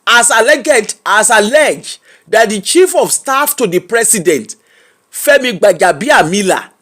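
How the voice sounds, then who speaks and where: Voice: mid-range voice, expressive, measured pace, a bit bright. A Nigerian-accented host talks straight to a live online audience. The delivery is casual and teasing, and key phrases get said again and again for emphasis. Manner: emphatic, repeats phrases, chatty and mocking. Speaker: host of an online gossip and news show. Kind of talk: live-streamed commentary reading viewers' comments.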